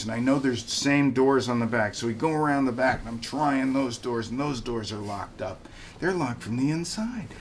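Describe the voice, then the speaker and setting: A man's voice: mid-range voice, a little hiss or hum. An older man telling a story from his youth in a candid, self-mocking way, laughing as he goes. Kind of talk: casual spoken anecdote.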